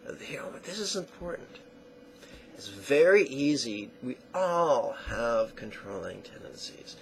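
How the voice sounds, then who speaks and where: Gravelly-voiced male meditation teacher. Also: mid-range voice, very animated, slight background noise, poor audio. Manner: slow, deliberate phrasing that trails into soft near-whispers. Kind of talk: guided meditation lesson.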